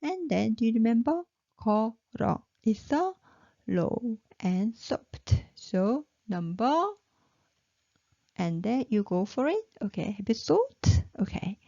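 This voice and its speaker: A woman with a Korean accent teaching a language lesson, speaking slowly and patiently and repeating words for practice. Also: medium pitch, creaky, mellow, no room sound, highs cut off.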